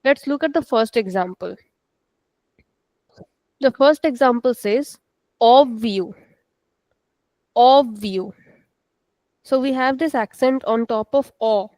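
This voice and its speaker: A woman's voice: high voice, a little mellow, no room sound, poor audio. Patient woman teaching an online class. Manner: slow, patient, repeats words for students. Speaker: Portuguese language teacher. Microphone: video call.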